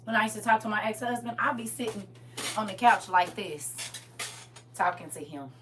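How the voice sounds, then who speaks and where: A woman giving an impassioned testimony, swinging between shouting and low intense talk with lots of emphatic repetition. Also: fairly even intonation, moderate pace, far from the mic, faint music behind.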